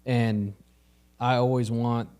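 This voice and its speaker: A man with an average-pitched voice co-hosts a casual podcast. He speaks in an earnest, reflective way and chimes in to back up his partner. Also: little pitch movement, takes it slowly, mellow, clear, resonant tone. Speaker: podcast co-host, realtor.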